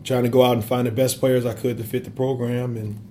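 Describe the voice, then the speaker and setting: A man's voice: mid-range voice, flat delivery, a little fast, mellow, slight background noise. A man in his thirties from Wisconsin, an assistant basketball coach, answering interview questions earnestly with many fillers. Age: 30s.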